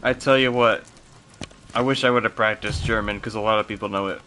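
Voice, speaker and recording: A man's voice: fairly low pitch, fairly even intonation, fairly quick. A man streaming a video game, chatting casually and goofily with viewers and laughing often. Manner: giggly and goofy, laughs often. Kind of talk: casual live-stream chat while gaming. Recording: clear background noise.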